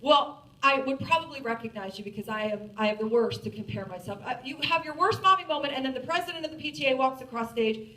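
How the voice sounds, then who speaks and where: A woman in her forties telling a self-mocking story to an audience in a lively, animated way. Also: high voice, quick pace. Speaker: speaker. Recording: roomy, distant from the mic.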